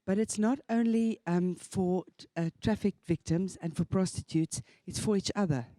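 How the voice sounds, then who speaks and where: A woman speaking plainly and in a relaxed way at a church workshop. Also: lowish voice, moderate pace, no echo.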